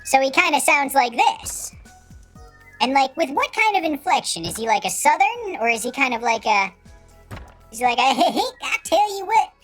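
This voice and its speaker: A man talking through a pitch-raising voice changer, goofily trying out silly impressions. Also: very animated, moderate pace, pushed and bright, faint music behind, full character voice. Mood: goofy. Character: squeaky high voice-changed streamer self.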